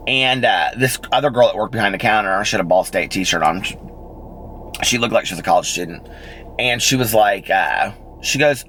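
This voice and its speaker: A middle-aged man tells a story in a casual vlog. His voice sits low, and he jumps up in pitch to act out other people. A faint hum runs underneath. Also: normal speed, rough recording. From United States. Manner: chatty, animated, acts out quoted people in raised voices. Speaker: vlogger.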